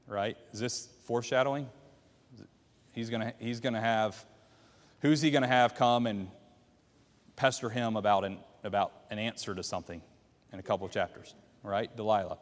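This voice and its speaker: A man's voice: on the low side, fairly even intonation, normal speed, long pauses. Man teaching a Bible class in a hall. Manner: asks the class questions, retells the story. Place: church classroom. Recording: long hall reverb.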